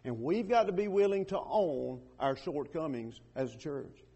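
A man preaching an impassioned sermon, swelling loud and then dropping to a hush. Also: fairly high pitch, expressive, normal speed, breathy edge. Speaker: pastor.

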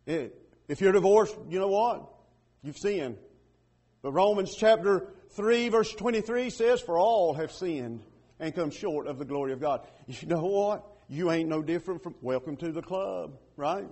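A man preaching an impassioned sermon, swelling loud and then dropping to a hush. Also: fairly high pitch, expressive, measured pace, husky. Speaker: pastor.

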